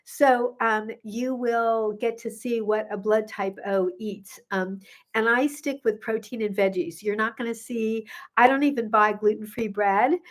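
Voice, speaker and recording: A woman's voice: a little high, fairly even intonation, measured pace. A middle-aged woman, a gut health coach, chatting casually on a live stream, bubbly and effusive with many ums, a little sniffly. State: sniffly from pollen.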